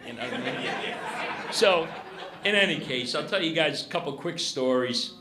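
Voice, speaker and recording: A golf course superintendent giving a casual, chatty roast speech at a retirement party. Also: male voice, fairly high pitch, sing-song, fairly quick, a crowd in the background. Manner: chatty, lots of fillers and "you know what I mean". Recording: echoey room with faint noise.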